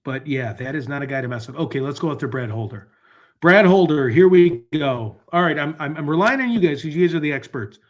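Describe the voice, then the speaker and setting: A man hosts a live stream and rambles to his viewers while he looks things up. His voice sits a little on the high side. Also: animated, fast, few pauses. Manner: rambling, talks to chat while searching online. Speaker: livestream host. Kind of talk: casual livestream chat.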